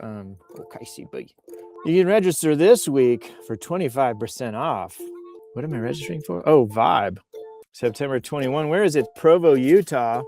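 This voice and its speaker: A male host chats loosely on a livestream, with a jokey, playful delivery. He rambles from one thought to the next in an everyday voice of ordinary pitch. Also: darkish tone. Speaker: news show host. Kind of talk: casual livestream chat. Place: outdoors on a bluff while on vacation.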